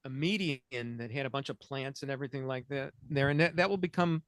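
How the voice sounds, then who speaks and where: A man's voice: medium pitch, fast, a bit bright, clear, resonant tone, dry recording, studio quality. A man, host of a chat show, telling a long story in a rambling, self-interrupting way and laughing through the funny parts. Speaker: podcast host.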